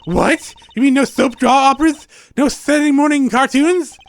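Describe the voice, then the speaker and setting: A man doing a bubbly teenage girl magician. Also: moderate pace. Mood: wide-eyed. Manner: bubbly, squealing high exclamations.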